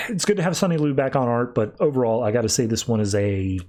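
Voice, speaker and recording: A man's voice: mid-range voice, big pitch swings, quick pace, a little mellow. A man hosting a podcast, retelling a comic's plot in a chatty way, with offhand "he's like" quotes. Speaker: podcast host. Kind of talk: casual comic book review.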